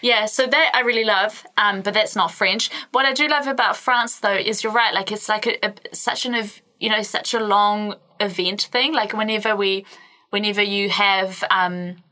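A woman's voice: medium pitch, fairly even intonation, moderate pace, pushed and bright. A young woman from New Zealand, co-hosting a casual chat podcast and telling stories with lots of fillers and laughter. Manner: chatty storyteller, many fillers, laughs often. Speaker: podcast co-host.

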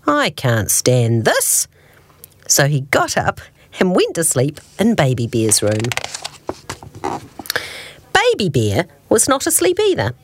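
A woman radio presenter reading a children's bedtime story aloud, expressive and slow, adding playful sound effects. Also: lowish voice.

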